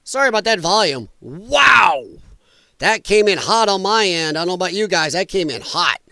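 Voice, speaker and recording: A man's voice: high voice, expressive, normal speed, pushed and bright, no echo. A man hosting a live political commentary stream, talking in a heated, sarcastic, mocking way. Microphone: headphones and desk mic.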